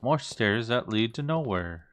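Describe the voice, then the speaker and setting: A man's voice: mid-range voice, animated, a little slow, noisy background. A man in his twenties muttering uneasy reactions as he plays through a game and comments on it. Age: 20s. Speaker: gaming YouTuber. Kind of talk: gameplay commentary.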